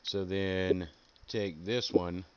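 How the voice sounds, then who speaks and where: An older man giving short, low-key replies in a casual chat while he gets coached through a game. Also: steady tone, extremely slow, smooth, highs cut off. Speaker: new player getting coached.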